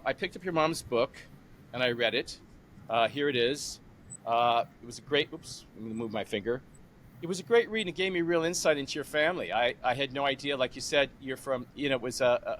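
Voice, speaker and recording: A man in his sixties hosting a podcast interview, chatty and animated, acting out conversations as he retells them. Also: mid-range voice, a little fast, slight background noise. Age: 60s. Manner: animated, retells phone calls with lively imitated voices. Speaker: podcast host. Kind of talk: casual interview.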